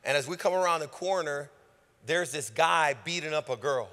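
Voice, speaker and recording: A male pastor preaches a rousing call-and-response sermon in a fairly high, pushed, bright voice at normal speed. He's captured on a stage microphone in a church sanctuary, where the hall's long reverb lingers.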